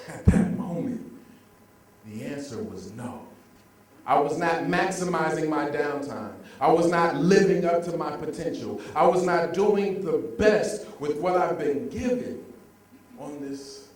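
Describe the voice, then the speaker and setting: Energetic male speaker in an echoey hall. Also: on the high side, slow pace, recorded from a distance, a little hiss or hum. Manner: lively, call-and-response with the audience. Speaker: motivational speaker. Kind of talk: motivational speech. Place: large room with an audience. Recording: very echoey hall, heard from afar.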